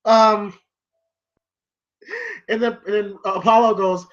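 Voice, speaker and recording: A man's voice: sits high, flat delivery, takes it slowly, fairly bright tone. A man talking through a film in a loose, casual review chat. He meanders from thought to thought, leans on "you know" constantly and curses without a second thought. The recording sounds dull and lo-fi. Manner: rambling, heavy on "you know" fillers, profane. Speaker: movie review co-host.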